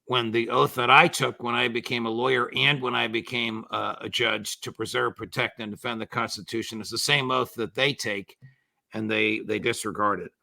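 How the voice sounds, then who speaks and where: An older man, a former judge, giving measured but indignant political commentary with sarcastic asides. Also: medium pitch, fairly even intonation, gravelly, sharp tone, no room sound.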